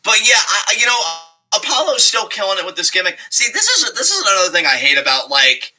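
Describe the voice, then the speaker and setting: A man co-hosting a wrestling review show, chatting casually, excitable and profane, often breaking into laughter. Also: high-pitched, quick pace, rough recording. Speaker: podcast co-host.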